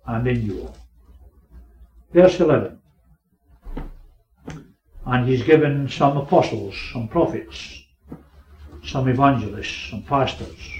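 A man's voice: medium pitch, a little hiss or hum. Man preaching in an echoey hall. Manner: preaching with sharp swings between raised emphasis and quiet asides. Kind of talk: sermon. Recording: echoey, distant, muffled recording.

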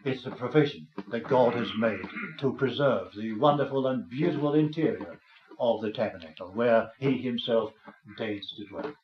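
Older preacher in a roomy hall. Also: male voice, medium pitch, expressive, normal speed. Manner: earnest, tender, rising to fervent emphasis. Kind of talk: sermon. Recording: dull, roomy, slightly noisy recording.

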